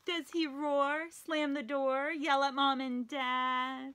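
Woman reading a kids book out loud, high bright voice, slow and playful. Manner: animated, playful, talks to the young listener. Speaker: children's book reader. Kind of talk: reading a picture book aloud to children.

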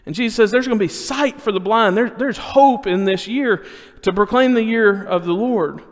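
A man preaching a sermon in a conversational way, stumbling over restarts and sometimes dropping to a hushed voice for effect. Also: high-pitched, normal speed. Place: church sanctuary. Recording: church hall with long reverb.

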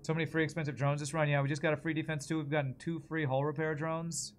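A man's voice: fairly high pitch, little pitch movement, fast talker, slight background noise. A man casually commenting on his own gameplay on a live stream, thinking aloud and answering viewers. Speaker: game streamer.

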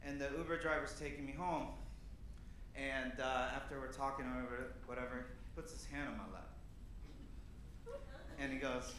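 A man's voice: medium pitch, flat delivery, moderate pace, pauses often, heavy reverb, noisy background. A man in his thirties, originally from Peru, doing a stand-up set in a comedy club with a loose, rambling delivery full of fillers. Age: 30s.

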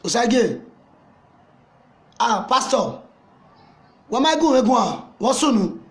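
A man with a Nigerian accent playing a loud, mocking older Nigerian mama in a comedy skit, scolding and teasing someone. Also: extremely high pitch, very animated, unhurried, exaggerated voice. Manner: taunting, scolding, laughing at the listener.

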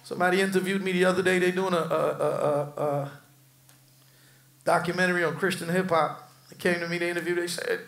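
A middle-aged American man preaching a sermon, swinging from shouted peaks to soft, low asides, with casual slang and humor. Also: fairly even intonation, fairly quick, creaky, echoey room. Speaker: pastor.

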